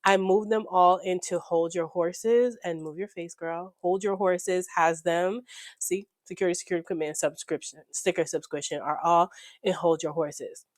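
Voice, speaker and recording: A slightly hoarse woman, chatting excitedly with viewers while walking through her budget at home. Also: lowish voice, normal speed, dry recording, clean studio sound. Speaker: budgeting YouTuber. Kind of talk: casual chat while budgeting. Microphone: desk microphone.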